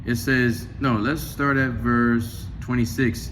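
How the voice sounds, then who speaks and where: A man's voice: medium pitch, slow, few pauses, fairly bright tone, slight background noise. A man casually talking about scripture and his own life, rambling with many restarts and sometimes acting out conversations. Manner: rambling, restarts often, retells chats in raised voice. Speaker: religious video host. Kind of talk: casual religious commentary with scripture reading.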